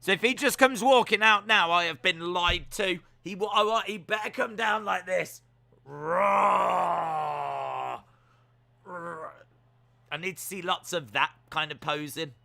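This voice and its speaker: A man giving jokey live reactions while watching a wrestling show, now and then letting out sudden loud yells. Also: sits high, normal speed, few pauses. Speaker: wrestling watch-along streamer.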